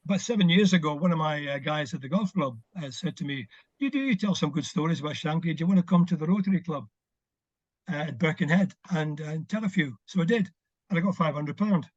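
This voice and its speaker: A man's voice: a little high, expressive, fast, dry recording, muffled recording. An older man, a former footballer, chatting as an interview guest over a video call, telling stories with plenty of fillers. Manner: reminiscing, warm storytelling with fillers. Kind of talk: casual video call chat.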